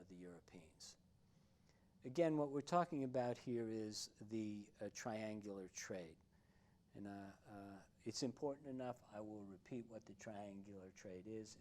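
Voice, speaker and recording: A man giving a university history lecture, speaking deliberately with many pauses and fillers and leaning on key words. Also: lowish voice, warm tone. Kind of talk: classroom lecture.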